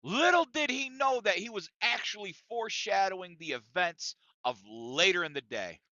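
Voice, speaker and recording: A man hosting a podcast, telling a profane comic story in an animated, conversational way, in a dry, dull lo-fi recording. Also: sits high, moderate pace, no echo. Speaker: podcast host.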